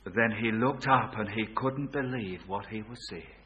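A man preaching a sermon, swinging from hushed, quiet lines to loud, ringing ones. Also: fairly low pitch, measured pace. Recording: dull lo-fi recording.

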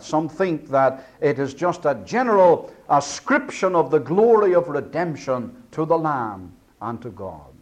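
A man preaching an expository sermon, breaking down words slowly and swinging from booming to hushed. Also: big pitch swings.

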